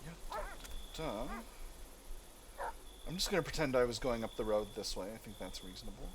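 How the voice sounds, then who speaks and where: A man's voice: medium pitch, expressive, fairly quick, background noise. A man hosting a let's play, reading game text aloud and thinking through his choices with hesitant fillers. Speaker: gaming channel host.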